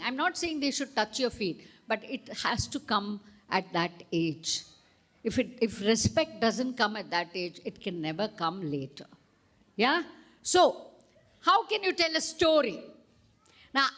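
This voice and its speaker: A middle-aged woman with an Indian English accent, a storyteller giving a speech at a school event and drawing the crowd into call-and-response. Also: fairly high pitch. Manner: slow, animated, coaxing the crowd. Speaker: storyteller and guest speaker.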